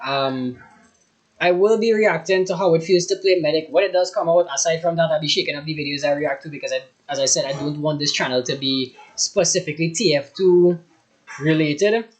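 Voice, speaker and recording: A reaction video host from Trinidad, talking in a relaxed, chatty, offhand way. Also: mid-range voice, fairly quick. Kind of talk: casual reaction commentary.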